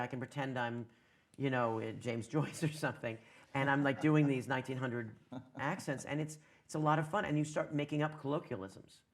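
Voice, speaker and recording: A man, a TV writer, talking on a conference panel in a joking, animated way. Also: mid-range voice. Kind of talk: panel discussion. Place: conference stage.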